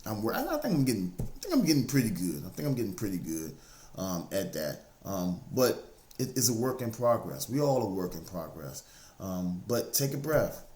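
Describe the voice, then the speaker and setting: A man with a lowish voice talks through self-improvement in a relaxed, conversational way, circling back and repeating his key phrases. His faith comes up plainly as he encourages the listener. The recording has a roomy, echoey sound. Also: normal speed. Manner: repetitive, conversational, drives points home by repeating phrases. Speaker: motivational speaker. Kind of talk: casual motivational talk.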